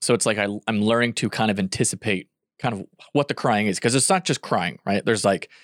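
A married man talks casually among friends, drifting through his thoughts with fillers and a goofy edge. His voice sits low. The sound is dry and close. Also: a little fast, fairly bright tone, no echo. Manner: goofy, rambling, many fillers. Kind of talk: casual chat.

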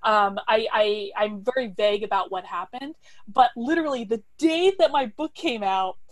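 Lively woman telling a story, dry sound. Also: fairly high pitch, moderate pace, dry recording. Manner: animated, laughs often, full of restarts. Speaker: podcast guest. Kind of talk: casual storytelling.

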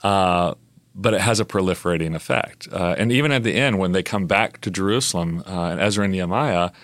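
A man talking through ideas on a podcast in a casual, animated way, with plenty of fillers and restarts. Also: low-pitched, fairly quick, no room sound. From United States. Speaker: biblical scholar on a podcast.

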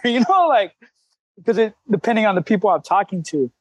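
High-voiced candid streetwise man. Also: fast, no echo, low-quality recording. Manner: candid, streetwise slang, frequent cussing. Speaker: CrossFit coach, guest. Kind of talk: casual interview talk.

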